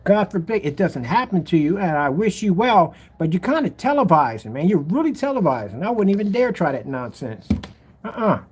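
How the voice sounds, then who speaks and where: A man's voice: high-pitched, big pitch swings, a little fast, darkish tone, slight background noise. A man ranting jokingly in a casual commentary, mocking and slangy, laughing often as he exaggerates. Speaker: screen paint seller.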